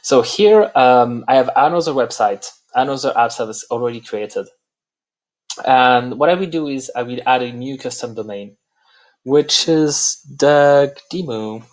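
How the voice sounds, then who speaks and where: French guy demoing software live, lots of uh's, stops and starts, middle pitch. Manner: halting, many "uh" fillers. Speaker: presenter. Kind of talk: live software demo walkthrough.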